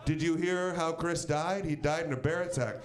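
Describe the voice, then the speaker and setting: A man's voice: a little high, steady tone, normal speed, noisy background. A man from Pennsylvania doing a stand-up comedy set with a punchy, wry storytelling delivery. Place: comedy stage.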